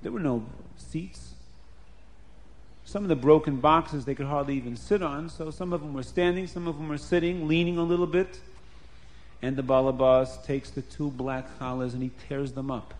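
A man's voice: fairly high pitch, steady tone, moderate pace. A man telling a story aloud in a plain, earnest, repetitive way. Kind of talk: spoken storytelling.

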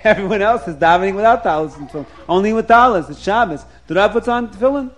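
High-voiced man telling a chuckling tale. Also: quick pace. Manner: lively, chuckling often, repeats words. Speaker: storyteller. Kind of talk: animated storytelling.

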